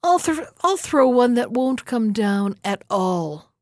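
A woman's voice: fairly high pitch, big pitch swings, takes it slowly, darkish tone, dry recording, studio quality. A woman voicing a boastful, cheeky little male tailor in a storybook reading. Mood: cocky. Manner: cocky and chirpy.

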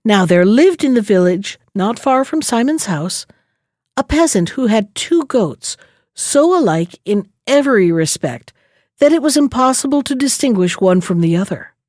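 Lively, expressive woman reading a story. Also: on the high side, normal speed, no room sound, clean studio sound. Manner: expressive read-aloud. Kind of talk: storybook narration.

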